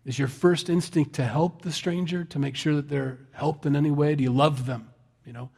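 A man's voice: fairly high pitch, steady tone, normal speed, creaky, darkish tone, breathy edge. Folksy man preaching a sermon. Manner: conversational, folksy, self-deprecating asides. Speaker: pastor.

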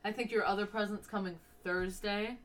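A woman's voice: medium pitch, steady tone, normal speed, fairly bright tone. A young woman co-hosting a casual, unscripted podcast, chatty and rambling, laughing often and talking through the hiccups. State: has the hiccups. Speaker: podcast co-host.

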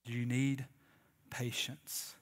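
A man's voice: mid-range voice, little pitch movement, slow. A man preaching a sermon, conversational and joking and calling on the congregation to respond. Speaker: pastor.

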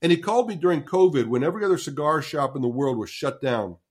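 Man, 60s, podcast guest, storytelling, somewhat high voice, animated, stumbles over words, casual swearing. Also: fast talker. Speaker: guest, marketing consultant.

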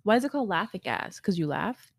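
A young woman co-hosting a podcast, chatting casually and telling stories with lively quoted voices. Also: medium pitch, fast talker, no room sound, studio quality. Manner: animated storyteller, acts out quoted voices. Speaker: podcast co-host. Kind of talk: casual chat.

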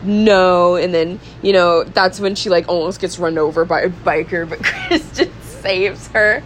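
A woman's voice: fairly low pitch, lively intonation, moderate pace, a little hiss or hum, poor audio. A young woman hosting a podcast, recapping a film in casual chat, acting out the characters' lines and laughing often. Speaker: podcast host.

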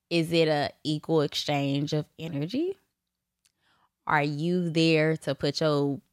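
A young woman hosting her own podcast, talking candidly and bluntly with lots of swearing and laughter, her voice jumping from loud bursts to low asides. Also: dry recording, studio quality. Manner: blunt, profane, laughing often. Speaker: podcast host. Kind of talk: candid solo podcast talk.

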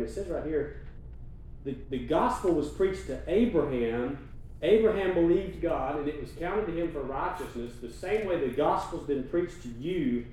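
Mellow-voiced male pastor, emphatic scripture-reading style, booming church echo, slightly distant mic. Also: lively intonation, unhurried, slight background noise. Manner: asks the congregation to read along aloud. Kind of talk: sermon. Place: church sanctuary. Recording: echoey sanctuary, mic heard from a distance.

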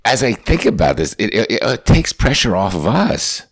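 A man hosting a podcast, chatting reflectively with a guest, with some halting restarts. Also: lowish voice, very animated, breathy edge. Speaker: podcast host. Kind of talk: casual interview chat.

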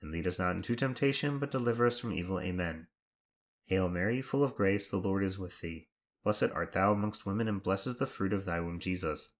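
A man leading devotional prayers and reflections in a measured, reverent recitation. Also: sits low. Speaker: prayer leader.

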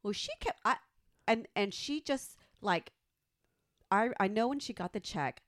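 A woman in her thirties telling a story in casual chat, animated and profane, acting out the quotes. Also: mid-range voice, measured pace, no echo, studio quality. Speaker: podcast co-host.

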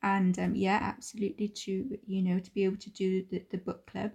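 A woman's voice: mid-range voice, little pitch movement, a little fast, vocal fry, darkish tone, slightly rough. A woman co-hosting a podcast in casual chat, encouraging and agreeable, with frequent "um"s. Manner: encouraging, agreeable, hesitant fillers. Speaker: podcast co-host. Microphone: remote call.

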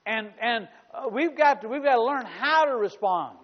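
Brief: high-pitched male pastor, sermon delivery, humorous stories that swell into shouting, long reverb, slightly muffled. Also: animated, normal speed. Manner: storytelling with humor, rising to shouts.

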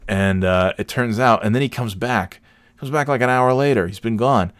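A man's voice: mid-range voice, moderate pace, smooth, no room sound, clean studio sound. A man telling a rambling, profane workplace anecdote in a casual monologue, full of fillers and growing exasperation. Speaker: storyteller.

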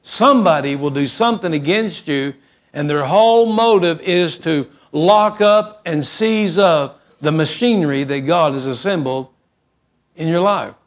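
Middle-aged man, folksy pastor, slightly high voice, animated storytelling sermon. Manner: folksy, animated, shifts between fast asides and slow emphasis.

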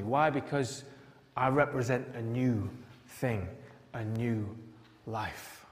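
Speaking slowly with long pauses, a mid-range male pastor preaches in a large church. He tells a Bible story dramatically and asks many rhetorical questions, all carried by a long church reverb.

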